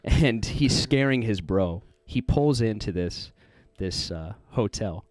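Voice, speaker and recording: A man's voice: fairly low pitch, expressive, slow pace, a little mellow, no echo. A man co-hosting a podcast, casually telling a rambling story, laughing often and acting out the people in it. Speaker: podcast co-host.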